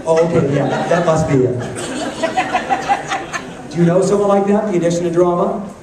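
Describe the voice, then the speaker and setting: A man giving an energetic motivational talk to a live audience, joking and firing questions at the crowd. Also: a little high, moderate pace, noisy background. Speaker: motivational speaker. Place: large conference hall. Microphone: handheld camcorder in the audience. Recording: echoey hall taped from far off on a camcorder.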